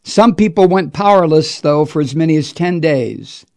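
Gravelly, profane political commentator man. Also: fairly high pitch, moderate pace, a little mellow. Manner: profane, sarcastic, indignant. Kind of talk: angry political monologue.

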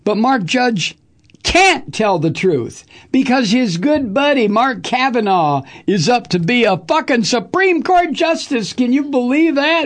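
A man's voice: very high-pitched, lively intonation, a little slow. A man hosting a political talk radio show, ranting with profanity and sarcasm, then reading sponsor messages. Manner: profane, heated, sarcastic, mocking impressions.

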